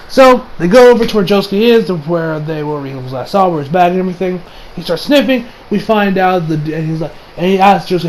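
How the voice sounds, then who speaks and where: A man's voice: high voice, a little fast, darkish tone, a little hiss or hum, low-quality recording. A man recapping an anime episode in a casual, rambling way, swearing and correcting himself as he goes. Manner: rambling, profane, self-correcting. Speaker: anime reviewer.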